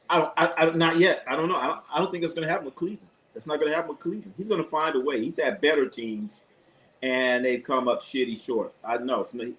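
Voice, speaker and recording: The audio is poor, and the man's voice is fairly high-pitched with a slightly bright tone. He runs a live basketball stream, narrating plays and voicing strong, profane opinions to his chat, frequently saying the same things over again.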